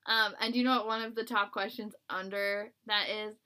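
A young woman co-hosting a podcast in casual chat, chatty and giggly, with quick asides. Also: mid-range voice, level tone, pushed and bright, clean tone. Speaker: podcast co-host.

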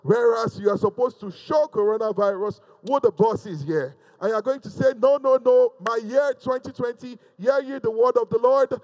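A man preaching a sermon to a camera, swinging from loud fervent exhortation to quiet, intimate asides. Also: extremely high pitch, moderate pace, hardly any pauses, muffled recording. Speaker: pastor. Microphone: speaking to a camera.

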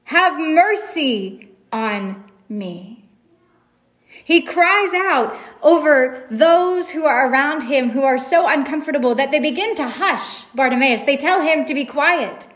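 A woman preaching a sermon, retelling a story in a reflective way and asking rhetorical questions. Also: high voice.

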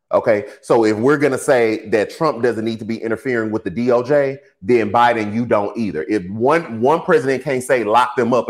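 Sassy, animated male political livestreamer. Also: lowish voice. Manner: animated, sassy, addresses chat as y'all and baby. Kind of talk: casual political commentary livestream.

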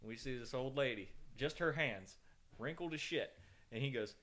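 A podcast co-host from the northern United States spins rambling stories in casual conversation, swearing freely and making mock threats. His medium-pitched voice is a bit bright, with lively intonation and a moderate pace.

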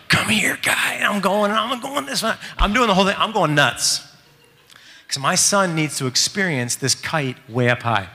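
A father telling a family story in an animated, excitable way. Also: high voice, long reverb tail, slight background noise. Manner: animated, excitable, fast-shifting delivery. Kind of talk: casual storytelling.

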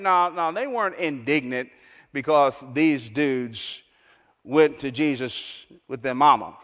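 A man preaching a sermon in a church, emphatic and repetitive, swinging between loud, lifted lines and hushed ones. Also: medium pitch, expressive, measured pace. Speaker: pastor. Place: large church hall. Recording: long reverb of a large hall.

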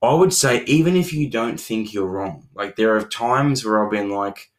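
A man's voice: on the low side, moderate pace. A young adult man co-hosting a relationship podcast, talking earnestly with many restarts and repeated words. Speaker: podcast co-host. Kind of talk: relationship advice chat.

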